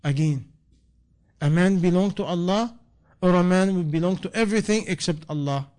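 Man, preacher, slightly high voice, repeating phrases with rising emphasis. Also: normal speed, a little mellow. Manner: non-native English, impassioned repetition, rising emphasis. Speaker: imam. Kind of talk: sermon answering a question.

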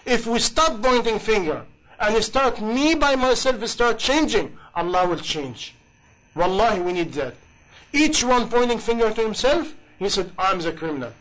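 A man's voice: extremely high pitch, a bit bright, poor audio. A man preaching a sermon in passionate, English, with many rhetorical questions. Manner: impassioned, rhetorical questions, non-native grammar.

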